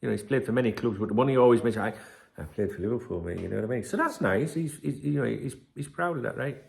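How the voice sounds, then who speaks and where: A man's voice: mid-range voice, very fast, vocal fry, darkish tone. A man hosting a football fan channel, talking in a rambling, casual way with plenty of swearing and fillers. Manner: rambling, swears freely, many fillers and asides. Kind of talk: casual solo commentary.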